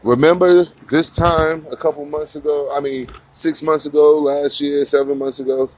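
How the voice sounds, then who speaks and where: A man's voice: on the high side, steady tone, normal speed. Rambling, profane man doing commentary. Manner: rambling, profane, mocking, laughs often. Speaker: commentary channel host. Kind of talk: casual morning commentary.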